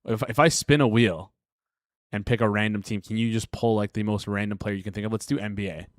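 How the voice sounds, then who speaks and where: A Canadian man hosting a casual sports betting show, firing off quick, repeated prompts and questions. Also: fairly low pitch, steady tone, no room sound, studio quality.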